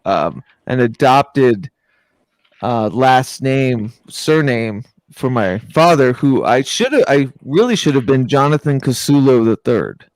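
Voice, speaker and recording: A man's voice: mid-range voice, animated, slow, no room sound. Man, casual chat, laid-back, self-mocking humor, dry close recording.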